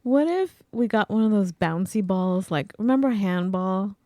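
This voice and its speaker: Female co-host, mellow warm voice, playful casual chat, dry booth sound. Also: mid-range voice, animated, normal speed, dry recording. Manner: playful, laughs often. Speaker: podcast co-host.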